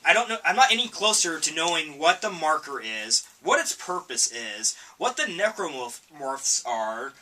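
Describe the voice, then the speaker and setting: A man casually reviewing a video game with a co-host, halting and repeating his words, coughing now and then. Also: on the high side, sing-song, sharp tone, a little hiss or hum. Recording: voice from far off the mic.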